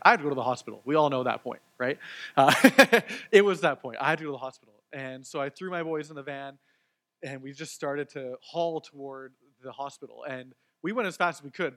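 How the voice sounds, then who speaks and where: A man's voice: fairly high pitch, fairly bright tone. A man, preaching a sermon and telling his own story in an earnest, conversational way, with fillers and repeated words. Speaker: pastor. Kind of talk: sermon with personal testimony.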